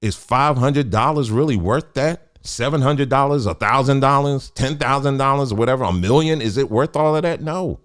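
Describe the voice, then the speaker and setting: A middle-aged man, hosting a casual livestream and talking in an animated, preachy, colloquial way. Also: medium pitch, normal speed, hardly any pauses, smooth. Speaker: host.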